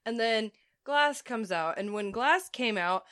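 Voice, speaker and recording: A woman's voice: on the high side, expressive, measured pace, a bit bright, no echo, clean studio sound. A woman co-hosting a podcast, talking casually and emphatically, swearing as she makes her points. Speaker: podcast co-host. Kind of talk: casual chat.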